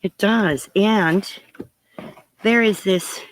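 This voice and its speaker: A crafting-channel host, a woman with a mid-range voice, draws out her words while unboxing viewers' parcels and chatting casually to them. She thinks aloud, gushes and giggles a lot, and the rough recording has slight background noise.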